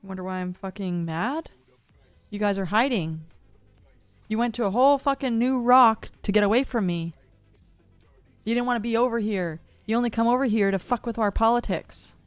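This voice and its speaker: A woman's voice: medium pitch, moderate pace, clear, resonant tone, dry recording, soft background music. A woman in a ranting monologue at home, agitated and accusatory, swearing constantly, into a studio dynamic mic. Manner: agitated, heavy cursing, accusatory. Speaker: streamer.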